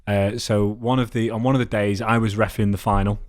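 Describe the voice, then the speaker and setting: A man's voice: fairly low pitch, little pitch movement, a little fast. A young man on a comedy podcast, talking bluntly and drily with many fillers. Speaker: podcast co-host. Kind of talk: casual comedic podcast chat.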